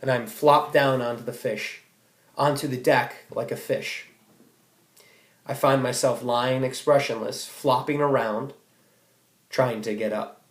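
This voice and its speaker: A man's voice: medium pitch, fairly even intonation, measured pace, long pauses. Teen boy, student speech, wry storyteller with sudden outbursts; echoey room. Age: teens. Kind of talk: comic personal essay read aloud.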